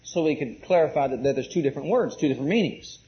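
A man's voice: medium pitch, animated, quick pace. A man preaching an emphatic sermon, asking the congregation questions and repeating key words. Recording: muffled lo-fi recording.

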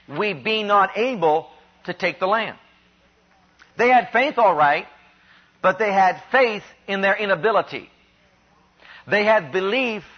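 Male preacher, high husky voice, earnest and emphatic, dull lo-fi recording. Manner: earnest, emphatic, deliberate phrasing. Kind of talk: sermon.

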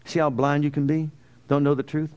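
A man preaching a sermon, animated, often questioning his listeners and acting out the quotes he tells. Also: a little high, a little fast, smooth, muffled recording.

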